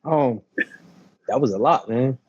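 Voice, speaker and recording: A man co-hosting a sports podcast, talking in a laid-back, halting way with many fillers. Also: medium pitch, a little mellow, husky, no room sound. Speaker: podcast co-host. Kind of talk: casual sports podcast talk. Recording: dull lo-fi sound.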